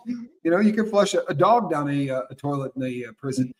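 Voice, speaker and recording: A man's voice: fairly high pitch, animated, fast. A man hosting a casual live talk show, telling stories with acted-out quotes and frequent restarts. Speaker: host.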